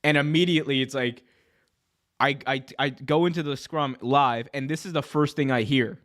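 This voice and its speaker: A man hosting a wrestling podcast, chatting casually with excitable, joking reactions and lots of slang. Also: mid-range voice, moderate pace. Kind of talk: casual livestream commentary.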